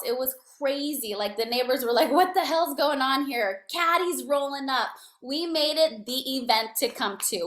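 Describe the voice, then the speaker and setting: Energetic woman coaching in an echoey room. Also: a little high. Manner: energetic, slangy, coaching tone with frequent "right?". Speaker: network marketing trainer. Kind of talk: motivational talk.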